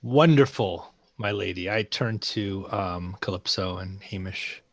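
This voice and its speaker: A formal, courtly human adventurer, played by a man in a low, unhurried voice. He chooses each polite word with care, and the sound is dry and close over a video call. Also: no room sound.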